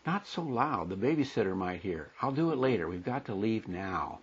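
A man reading the lines of an exasperated wife in a scripted marital quarrel, his pitch slightly raised. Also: very animated, moderate pace, husky, muffled recording. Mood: irritated. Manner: read aloud from a script, mildly raised pitch.

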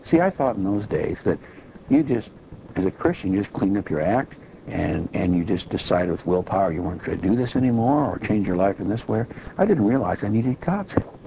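Male preacher, deep and gravelly, earnest testimony. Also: sing-song, brisk, dark tone, a little hiss or hum, low-quality recording. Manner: earnest, plain storytelling. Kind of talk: personal testimony sermon.

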